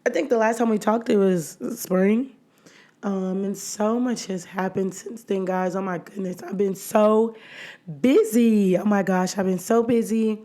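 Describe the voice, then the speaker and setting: A woman hosting her own podcast in a casual solo chat, her voice hoarse and nearly gone, chatty and often laughing between phrases. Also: medium pitch, steady tone, a little slow, dark tone. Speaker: podcast host.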